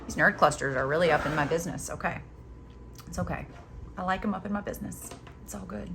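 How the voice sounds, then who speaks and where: A woman's voice: quick pace, vocal fry, background noise. A woman hosting a casual crochet tutorial, chatty and playful, teasing herself and cheering on her viewers as she works. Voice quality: chatty, playful, self-mocking. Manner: animated, jumps in pitch when excited.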